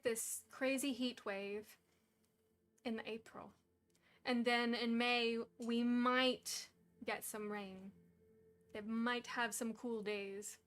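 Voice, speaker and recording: A woman's voice: a little high, fairly bright tone. A young woman hosting a stream, reading a storybook aloud and chatting casually, giggly and self-deprecating, feeling overheated. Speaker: stream host and reader.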